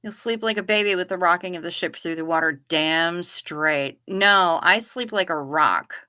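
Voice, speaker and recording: Bright chatty woman hosting a livestream. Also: lowish voice, normal speed. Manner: chatty, reads and answers live comments. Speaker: livestream host. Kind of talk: casual chat reading viewer comments.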